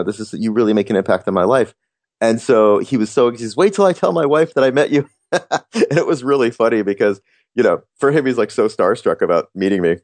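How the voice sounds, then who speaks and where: A man's voice: lowish voice, darkish tone, dry recording. A man hosting a motivational podcast, talking earnestly and reflectively, often restarting his sentences. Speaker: podcast host.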